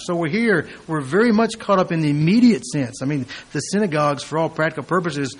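A man preaching an expository sermon, reading scripture aloud and building to loud, emphatic peaks when he quotes it. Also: a little high, a little fast, few pauses, breathy edge.

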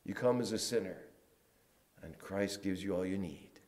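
A man preaching a sermon in a church, moving between loud emphatic lines and quiet, hushed ones. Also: deep voice, normal speed. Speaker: pastor.

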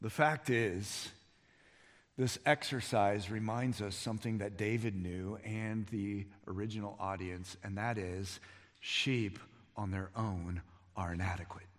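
A man preaching a sermon as pastor, emphatic, building to near-shouts on key points. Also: lowish voice, steady tone, a little slow. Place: church sanctuary. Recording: long reverb of a large hall.

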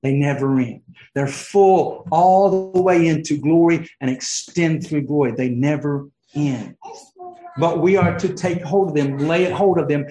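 A male preacher delivering a sermon with fervent swings between exclamations and hushed near-whispers. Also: fairly high pitch, roomy sound, a little hiss or hum, low-quality recording.

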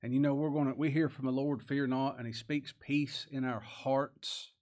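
A man preaching from the pulpit in a mid-range voice. He talks in a folksy, homespun way, pushing up into loud, emphatic bursts and dropping back with a chuckle. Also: mid-range voice, fairly even intonation, moderate pace. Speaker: pastor. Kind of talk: sermon.

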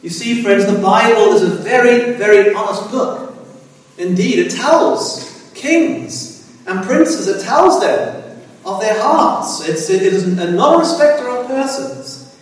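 A man's voice: high-pitched, animated, slow. A man preaching a sermon in a church, earnestly appealing to his listeners with repeated tag questions. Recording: echoey hall from far off.

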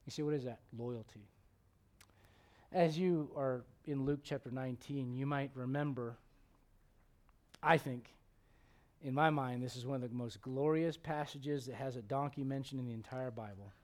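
A man preaching a sermon, telling stories and acting out the quotes, sometimes dropping to a hushed tone. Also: medium pitch, normal speed. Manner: animated storytelling, acts out quotes, drops to hushed tones.

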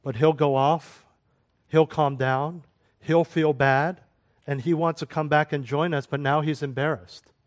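A middle-aged male pastor preaching a sermon to his congregation, swinging from loud exhortation to soft, quiet prayer. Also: a little high, steady tone, unhurried.

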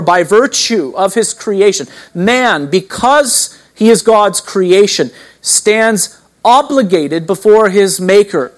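A man preaching a sermon as pastor, emphatic, asking the listeners questions and slowing down to stress key words. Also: high-pitched.

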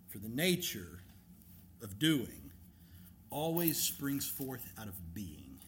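A man preaching a sermon as a pastor, emphatic and animated, asking rhetorical questions. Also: on the low side, slow, long pauses, a little hiss or hum.

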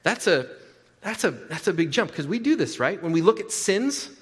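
A man preaching a sermon as a pastor, animated, often repeating his words and checking in with the congregation. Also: high-pitched, normal speed. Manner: animated, repeats words, asks the crowd "right?". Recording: long hall reverb.

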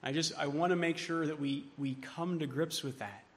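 A man preaching a sermon as pastor, moving from hushed, tender passages to loud, emphatic ones. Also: fairly high pitch, steady tone, normal speed. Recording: long hall reverb.

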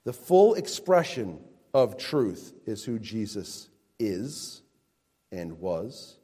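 Male pastor, unhurried emphatic sermon delivery, voice ringing in a reverberant hall. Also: lowish voice, sing-song, warm tone, breathy edge. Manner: slow, emphatic preaching with rising and falling emphasis.

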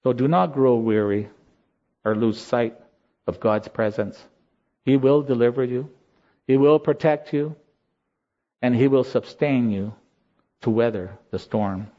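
A man preaching a sermon in a slow, earnest voice that rises in emotional peaks. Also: mid-range voice. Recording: slightly dull lo-fi sound.

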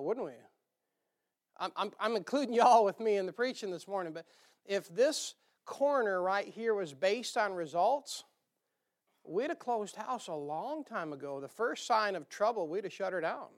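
A man with a northern US accent preaching a sermon in a church, in a folksy, rambling way with jokey asides and a nasal twang. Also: high-pitched. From northern United States.

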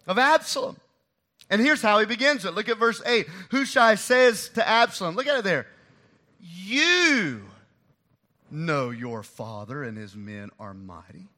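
A man preaching a sermon to his church, swinging from loud emphasis to hushed asides. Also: high-pitched. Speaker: pastor.

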